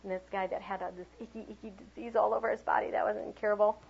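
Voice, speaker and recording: Middle-aged woman teacher running a workshop, lively demo voice, slightly muffled lo-fi recording. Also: mid-range voice, racing, gravelly, a little hiss or hum. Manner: animated, acts out sounds and voices for children. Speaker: preschool teacher leading a workshop. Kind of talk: teacher training talk with demonstrations.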